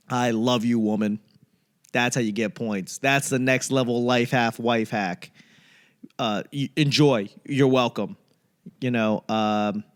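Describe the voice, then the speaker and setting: A man from the United States, a comedian and podcast host, rambling through a solo monologue full of profane, ranting tangents and comic asides. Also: mid-range voice.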